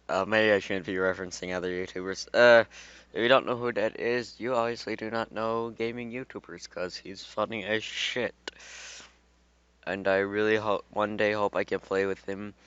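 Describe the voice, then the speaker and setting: A man's voice: fairly low pitch, fairly even intonation, normal speed, a bit bright, clear, resonant tone, no echo. A man reading fan fiction aloud in a casual way, breaking off into rambling, swearing asides. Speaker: fan fiction reader and YouTuber. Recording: dull, dry home recording.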